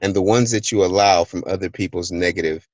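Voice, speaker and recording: A low-pitched man talks loosely and energetically through a motivational chat. His voice sits dry and close to the mic. He tells stories and acts out bits of them in quotes. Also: steady tone, brisk, a little mellow, no room sound, poor audio. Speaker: host of a team call. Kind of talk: casual motivational talk. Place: hot place, remote recording.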